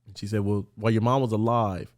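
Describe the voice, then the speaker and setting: A man's voice: lowish voice, little pitch movement, fast talker. A man who is a podcast guest, candidly and earnestly telling his personal story in casual street talk in a studio.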